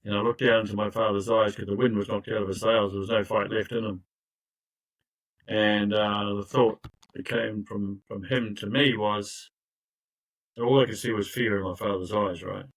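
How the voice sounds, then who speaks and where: An older man who works as a recovery coach tells his own story in conversation, his low-ish voice flat and at normal speed. He's earnest and emphatic, often restarting and adding asides, and the recording is rough.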